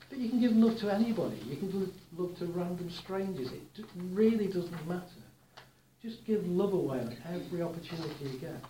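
A man's voice: high-pitched, roomy sound, a little hiss or hum, low-quality recording. Chatty man talking to a room. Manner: chatty anecdotal, gently humorous. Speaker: workshop speaker. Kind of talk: talk to a live audience.

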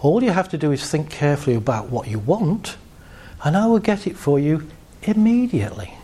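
A deadpan unconscious mind, as a man puts it on. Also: fairly high pitch, a little fast, breathy edge. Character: smug literal-minded unconscious mind, male.

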